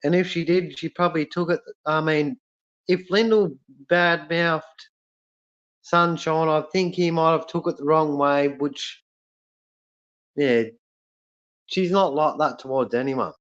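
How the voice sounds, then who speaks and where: A man with an Australian accent hosting a casual live stream, reading chat comments aloud and talking in a halting way with lots of fillers and restarts. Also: a little high, steady tone, fairly bright tone. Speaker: livestream host reading chat. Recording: lo-fi dull sound.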